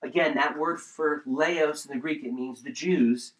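A man preaching a sermon, teaching through a Bible passage in an animated way with asides. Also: on the high side, measured pace, roomy sound, a little hiss or hum, rough recording. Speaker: pastor.

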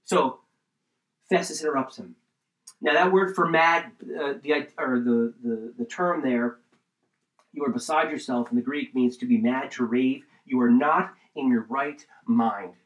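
A man preaching a sermon, teaching through a Bible passage in an animated way with asides. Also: mid-range voice, a little slow, roomy sound, lo-fi sound. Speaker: pastor.

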